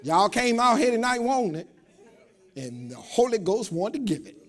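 A man preaches a sermon, speaking straight to his congregation and asking them to answer back. His voice sits high and swings widely in pitch. He repeats words and climbs from quiet asides to shouted peaks. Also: big pitch swings, moderate pace. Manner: call-and-response preaching, rising to shouts. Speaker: pastor. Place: church.

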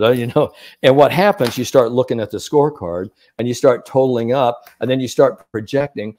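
A sports psychologist speaking at medium pitch and a little fast gives mental coaching advice in a podcast chat. He's an animated storyteller who acts out the people he quotes.

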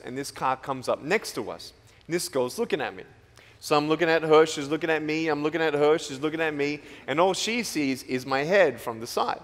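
Playful man speaking in an echoey hall. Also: on the high side. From Australia. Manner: playful, joking, lively storyteller. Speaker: motivational speaker. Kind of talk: motivational talk to students. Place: large school hall.

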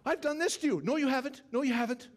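A man's voice: extremely high pitch, fast, pitched above the performer's own voice. A man voicing a stubborn, boastful male knight who refuses to admit defeat. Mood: defiant.

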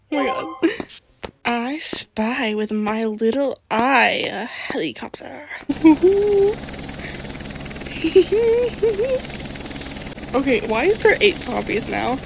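A woman's voice: sits high, lively intonation, extremely slow, gravelly, pauses often, a little hiss or hum. A woman hosting a gaming channel, chatting casually and giggling as she talks to the characters in her game. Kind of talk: casual gameplay commentary.

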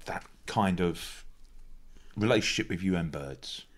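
A man's voice: sits low, a little slow. A man hosting a podcast, asking short interview questions and murmuring encouragement. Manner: brief prompts and encouraging murmurs. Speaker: podcast host.

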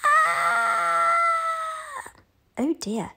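A woman's voice: medium pitch, big pitch swings, normal speed, husky. A woman voicing a bubbly female show announcer, with a sing-song, exaggerated delivery. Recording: music playing behind.

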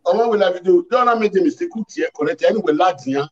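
A man's voice: sits high, lively intonation, fast, muffled recording, a crowd in the background. A man with a Nigerian accent chiming in, repeating short phrases in casual pidgin.

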